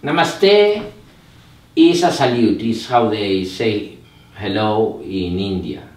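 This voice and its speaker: Older male meditation teacher, Spanish native, slow and reflective, recorded off-mic in a roomy space. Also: fairly low pitch, darkish tone. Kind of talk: live meditation talk. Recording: echoey room, mic at a distance.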